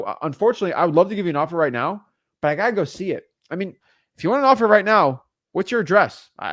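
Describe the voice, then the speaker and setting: A man who lives in Florida teaching real estate wholesaling in a blunt, energetic, casual way, repeating himself often. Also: a little high, dry recording, clean studio sound.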